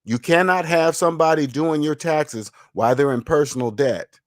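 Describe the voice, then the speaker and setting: A man's voice: fairly high pitch, moderate pace, no echo, studio quality. A man hosting a money channel, lecturing in casual livestream commentary, emphatic and repetitive, answering viewer chat. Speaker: finance channel host.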